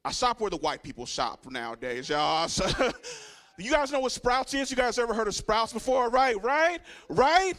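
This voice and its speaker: This young Richmond, California, comic has a very high-pitched, very animated and slightly bright voice, moving at a moderate pace. Onstage at a comedy club, he does a crude, swaggering set aimed right at the crowd.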